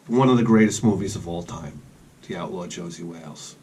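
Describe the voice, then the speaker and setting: A man's voice: sits low, brisk, darkish tone, husky. A man rambling in a casual vlog outdoors, chatting with joking asides about his collection. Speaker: collector vlogger.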